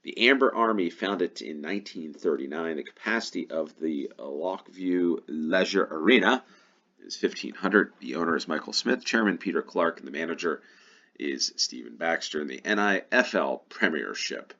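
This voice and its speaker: A man's voice: deep voice, expressive, moderate pace, pushed and bright, lo-fi sound. An American man giving casual play-along commentary on a game, musing aloud and thinking to himself. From United States. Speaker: gaming YouTuber.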